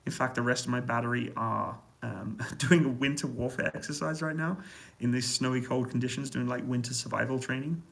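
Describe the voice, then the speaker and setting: A man's voice: medium pitch, brisk, gravelly, fairly bright tone, rough recording. A man hosting a casual livestream from a hotel room, reading out viewer questions and answering them with frequent chuckles. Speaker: livestream host answering chat.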